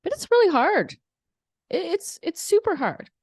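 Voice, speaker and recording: A woman's voice: very high voice, moderate pace, dry recording, clean studio sound. A young adult woman coaching on emotions, giving advice straight to the viewer and acting out examples. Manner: acts out parent voices in examples, animated. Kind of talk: advice talk to camera.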